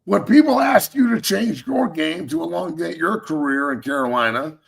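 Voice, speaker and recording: A man in his thirties hosting a sports talk show, ranting in a heated, profane way with loud, emphatic swings. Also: on the high side, expressive, normal speed, vocal fry. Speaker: show host, former NFL lineman.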